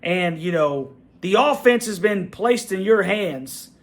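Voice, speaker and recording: A man's voice: high voice, expressive, slow. A man venting in a fired-up fan reaction rant as the channel's host, repeating himself and dropping "bro" and "man". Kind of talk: ranting fan reaction vlog.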